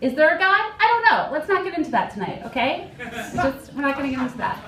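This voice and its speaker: A woman's voice: high voice, sing-song, fast talker, fairly bright tone, far from the mic. A young woman from Philadelphia performing a stand-up comedy set in a dry, self-deprecating manner. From Philadelphia, USA. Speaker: stand-up comic. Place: comedy club stage. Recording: echoey club, mic from afar.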